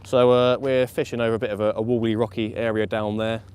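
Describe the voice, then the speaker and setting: A man commenting live on his night fishing session, chatty and excitable, laughing often, outdoors by the water. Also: lowish voice, fast talker, smooth. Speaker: fishing vlogger. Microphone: camera or phone mic on a live stream.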